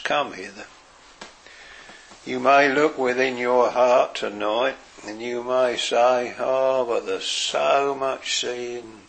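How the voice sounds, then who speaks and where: A man preaching a sermon in an earnest way, dropping his voice softly for quoted words. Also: mid-range voice, gravelly. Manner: slow, earnest preaching with soft, quiet quoted phrases.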